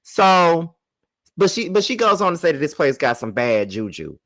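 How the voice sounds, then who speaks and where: A young man hosting a casual live review of a reality show, profane and rambling, laughing often and going loud and high when he gets excited. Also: normal speed. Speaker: TV show reviewer and channel host.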